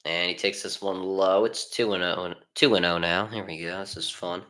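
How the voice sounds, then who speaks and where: Bright-voiced man calling a game live. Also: low-pitched, normal speed, roomy sound. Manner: frustrated, swings between muttering and excited calls. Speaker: fan commentator. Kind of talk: live fan play-by-play commentary.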